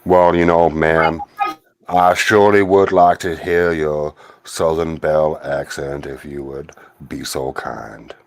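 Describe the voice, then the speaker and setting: A man putting on an overly courtly Southern gentleman voice with exaggerated drawling politeness. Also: a bass voice, steady tone, takes it slowly, exaggerated voice. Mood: mock courtly.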